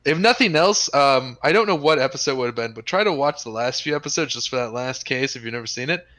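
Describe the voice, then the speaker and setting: A man's voice: mid-range voice, expressive, fast talker, a bit bright. A man from Wisconsin co-hosting a game stream, chatting casually, rambling and swearing freely. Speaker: co-host.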